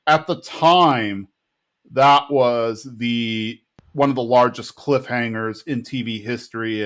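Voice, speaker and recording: A man's voice: mid-range voice, fairly bright tone. A young man in casual podcast chat, retelling a cartoon episode and acting out the characters' lines. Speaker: podcast co-host recapping episodes.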